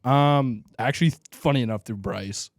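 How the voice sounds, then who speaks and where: A man's voice: mid-range voice, moderate pace, no room sound, studio quality. Joking young man co-hosting a podcast. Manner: relaxed, joking storytelling. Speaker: podcast co-host. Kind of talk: casual chat. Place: small room, podcast setup.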